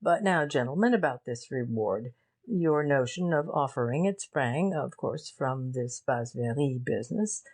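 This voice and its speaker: A blunt, gruff police detective, read by a woman. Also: extremely low pitch, lively intonation, a little slow, a little mellow, exaggerated voice.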